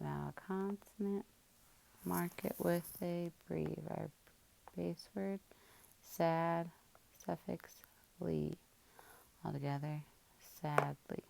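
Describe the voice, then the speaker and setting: A woman's voice: fairly low pitch, creaky, mellow. A woman teacher working through a spelling lesson, patiently sounding out each word part by part.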